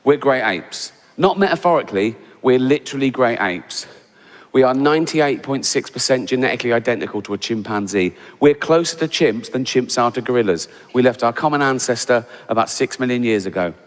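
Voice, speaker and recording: A man's voice: mid-range voice, animated, fairly quick. An older English man doing a stand-up comedy routine, sardonic and conversational, tagging his lines with "right?". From England. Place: large theatre stage before a live audience. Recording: reverberant hall with audience noise.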